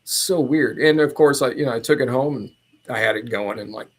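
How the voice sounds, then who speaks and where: A man of ordinary pitch talks as a podcast guest. He tells his story in a loose, casual way. He drifts and circles back but stays animated throughout. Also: fairly quick. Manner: meandering, animated retelling.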